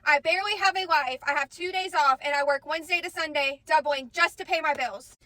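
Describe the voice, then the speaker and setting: A woman's voice: high-pitched, fairly quick, sharp tone, dry recording, poor audio. A woman in her twenties complaining to camera, indignant and full of questions. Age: 20s. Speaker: social media poster.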